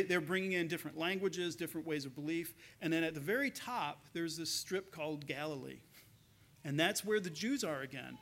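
A male pastor with a fairly high voice preaches a sermon, retelling a story in earnest, spoken tones. He often repeats a word or two as he goes, talking it through with his congregation. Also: fairly bright tone.

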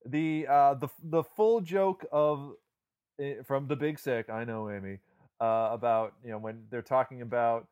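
A man hosting a casual film chat, talking haltingly with many restarts and laughing as he retells jokes. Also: mid-range voice, fairly even intonation, darkish tone, clear, resonant tone, muffled recording.

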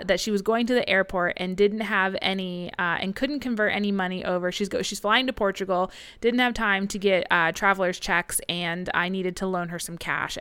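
A woman's voice: mid-range voice, a bit bright, smooth, dry recording. A woman co-hosting a book podcast, casually recapping the plot with fillers and frequent laughter. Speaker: podcast co-host.

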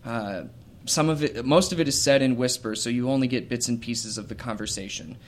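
A man's voice: medium pitch, fairly quick. A man running a tabletop role-playing game as game master, narrating scenes with frequent fillers and restarts. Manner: hesitant, many fillers and restarts.

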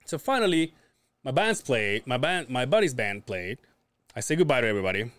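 A man's voice: mid-range voice, big pitch swings, a little fast, a bit bright, no room sound. Rambling, cursing man with a dry sound. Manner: rambling, profane, self-interrupting storyteller. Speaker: podcast co-host. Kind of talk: casual storytelling chat.

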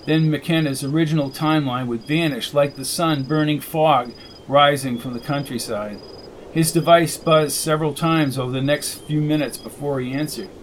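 A man with a slightly raised pitch reads a science fiction novel aloud in steady, measured narration. A faint hiss sits under his voice throughout. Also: low-quality recording. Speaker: audiobook narrator. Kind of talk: scripted narration.

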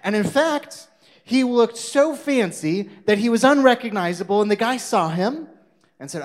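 A man telling a children's sermon story, animated, putting questions to his young listeners. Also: very high-pitched, moderate pace. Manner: animated, asks the audience questions.

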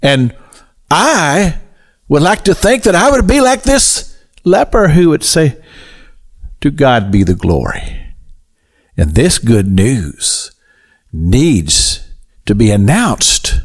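A middle-aged male pastor giving a radio sermon, slow and deliberate, building to emphatic highs as he tells the story. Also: big pitch swings, slightly rough.

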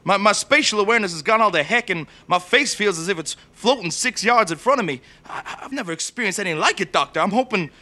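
A man's voice: high voice, animated, fast, hardly any pauses, pushed and bright, exaggerated voice. A man playing a stammering, panicky hypochondriac crew member in an audio comedy. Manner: stammering, hysterical.

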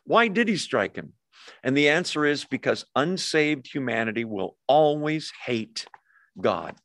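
A man of ordinary pitch leads a Bible study, walking through the text verse by verse. He talks it over casually, stopping for asides and fixing his own slips as he goes. The sound is close and dry. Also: sing-song, measured pace, a bit bright, no room sound. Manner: explains verse by verse, asides and self-corrections. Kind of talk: conversational scripture teaching.

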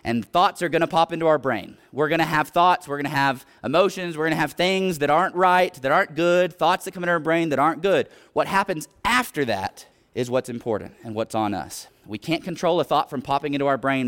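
A man's voice: fairly high pitch, fairly quick, a bit bright. Earnest man preaching a sermon. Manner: earnest, exhorting, retells scripture stories.

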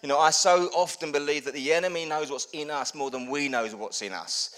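A man delivers a sermon as pastor, telling stories with humor. He swings between loud, punchy bursts and hushed, soft stretches. His voice sits slightly high for a man. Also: a little fast. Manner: animated, humorous storytelling with sudden loud bursts and hushed lows.

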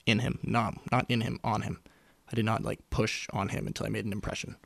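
Close-miked in a dry studio, a young podcast host with a lowish, gravelly yet fairly bright voice talks fairly quickly in a level tone. He rambles on his own show, mocking himself, cracking jokes, and dropping into whispers or silly voices without warning.

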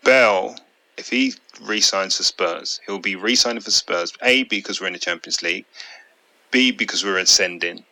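A man's voice: low-pitched, normal speed, bright, forceful tone, no room sound, poor audio. A man co-hosting a casual football podcast, opinionated and blunt, swearing freely. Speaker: podcast co-host.

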